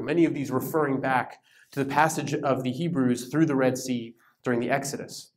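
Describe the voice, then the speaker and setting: A man leading a Bible study, teaching in a lively, conversational way and giving verses dramatic emphasis. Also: mid-range voice, normal speed. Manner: animated, emphatic, reads verses aloud with dramatic stress. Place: church meeting room.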